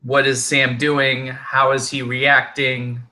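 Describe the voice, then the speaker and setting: A man runs a tabletop game, describing the scene at a relaxed, deliberate pace. His voice is bright and forward, and he talks players through the action patiently, leaning on fillers. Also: mid-range voice. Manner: unhurried, filler-heavy, explaining patiently. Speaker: game master.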